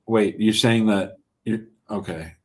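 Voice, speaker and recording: A man's voice: fairly low pitch, a little slow, darkish tone. A man hosting a live call-in show, giving blunt, plain-spoken immigration advice to callers and viewers.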